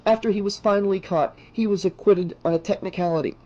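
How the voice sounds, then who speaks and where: A high, hushed teenage girl with a breathy, tearful urgency, as a male audiobook reader raises his voice to play her. She sounds frightened yet set on fighting back. Her words come in an urgent, strained rush. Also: steady tone, fast talker, muffled recording, lightly acted. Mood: grim.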